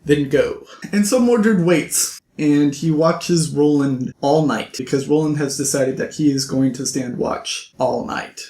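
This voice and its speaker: A man vlogger retelling a novel's plot in a casual, animated way, with playful asides to his viewers. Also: a little high, a little slow, few pauses. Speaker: book vlogger. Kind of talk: casual book recap. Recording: roomy echo.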